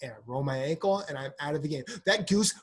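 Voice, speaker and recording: Husky man, mid-range voice, podcast co-host with an animated, joking, salty delivery. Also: medium pitch, rapid-fire. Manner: animated, joking storytelling with swearing. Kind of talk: casual chat.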